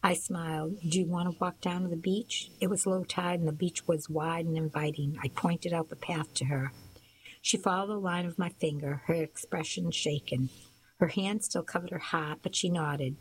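A woman calmly narrating a first-person novel in a soft voice that at times drops to a near-whisper. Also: sits low, normal speed, a little hiss or hum, rough recording. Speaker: audiobook narrator.

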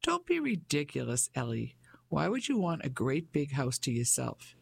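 A man's voice: fairly high pitch, wildly swooping pitch, moderate pace, gravelly, slightly rough, full character voice. A man voicing a pompous fifty-five-year-old businessman in an audiobook, speaking in a blustering, patronizing way. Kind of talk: audiobook character voice.

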